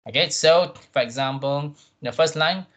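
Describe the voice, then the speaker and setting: A man teaching a Quran reading class, patient, often repeating himself and checking in with "right?", drawing out Arabic words slowly to model them. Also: on the high side, a bit bright. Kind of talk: tajweed revision class.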